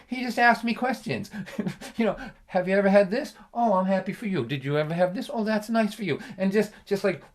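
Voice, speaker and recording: Guy telling a funny story on a livestream, laughs a lot, keeps asking "right?". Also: high voice. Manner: animated and chatty, laughing often, tagging lines with "right?".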